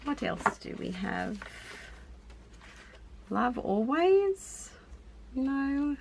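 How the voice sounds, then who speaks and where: Unhurried Australian crafter, middle-aged, gravelly tone, chatty and self-amused as she thinks aloud. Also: high voice, big pitch swings. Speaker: craft YouTuber. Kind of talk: casual crafting narration.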